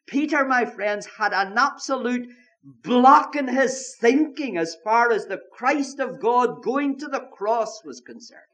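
A man's voice: extremely high pitch, lively intonation, takes it slowly, a bit bright. A man preaching a sermon with emphasis, repeating his key phrases.

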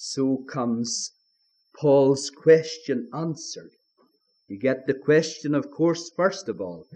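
A man's voice: mid-range voice, animated, takes it slowly, dark tone. A man preaching a sermon in a fervent old-style manner, appealing again and again to his listeners with rhetorical questions.

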